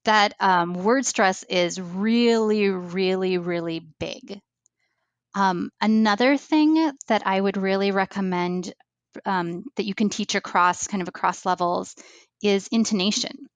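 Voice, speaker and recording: A middle-aged American woman speaks as an interview guest, working through her points with frequent ums and restarts. Her voice sits at an ordinary pitch for a woman. The sound is dry and close, with no room around it. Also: measured pace, clean tone, dry recording. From United States. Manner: thoughtful, many fillers and restarts. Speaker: ESL training coordinator, guest. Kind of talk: explaining in a podcast interview.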